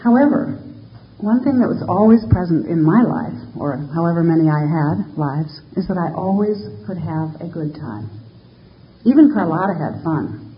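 A woman's voice: fairly low pitch, lively intonation, normal speed, dull audio, slight background noise. An older woman giving a candid, self-mocking personal testimony about her recovery to a live audience. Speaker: speaker sharing recovery story.

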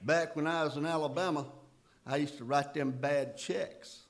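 A man's voice: a little high, fairly even intonation, moderate pace, vocal fry. A man voicing an old redneck from Alabama who tells a wry, folksy joke in a drawling way. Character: older male Alabama redneck, wry joker.

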